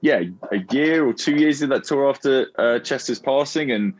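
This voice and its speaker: A man's voice: medium pitch, moderate pace, faint music behind. A man being interviewed as a musician guest, talking in a friendly, rambling way full of fillers. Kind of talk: casual interview chat.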